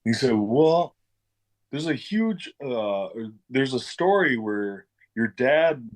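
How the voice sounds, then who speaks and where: A man's voice: medium pitch, big pitch swings, takes it slowly, poor audio. A middle-aged man, a former pro wrestler, telling stories in a casual interview, swearing freely and acting out what people said. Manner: loose, swearing, acts out quoted dialogue.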